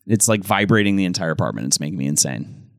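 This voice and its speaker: A man's voice: low-pitched, expressive, fast talker, creaky, no echo, studio quality. A man co-hosting a podcast, chatting casually and animatedly as he watches a movie, exclaiming and griping. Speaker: podcast co-host.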